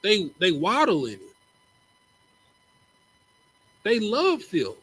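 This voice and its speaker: A man's voice: high voice, wildly swooping pitch, slow pace, fairly bright tone, breathy edge, rough recording. A man teaching a class in a casual, slangy, joking way, often repeating words as he starts a line. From Texas. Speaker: teacher in a religious group class. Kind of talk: casual preaching lecture.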